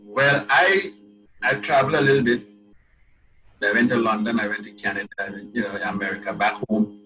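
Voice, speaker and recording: A Trinidadian man, a songwriter being interviewed, telling stories in a lively way, stumbling over repeated words and acting out what people say. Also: on the low side, a little fast, over music, rough recording. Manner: animated storyteller, repeats words, quotes people in a rising voice. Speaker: calypsonian guest. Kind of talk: casual interview talk.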